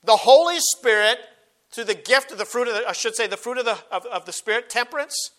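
A man with a high, bright voice preaches a sermon. He reads old scripture verses and presses his points by repeating them. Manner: emphatic, repeats key phrases, quotes King James scripture.

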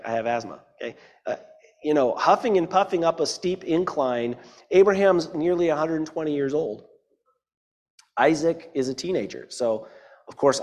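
A man's voice: fairly high pitch, a little mellow, big-room sound. A man in his forties preaching a sermon, talking conversationally and making joking asides to his congregation. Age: 40s. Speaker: pastor.

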